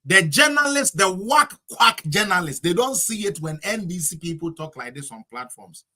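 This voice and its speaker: A man's voice: high-pitched, very animated, moderate pace, sharp tone. Heated Ghanaian man ranting on politics. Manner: heated, mocking, exclamatory. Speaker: political commentator. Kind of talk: political commentary rant.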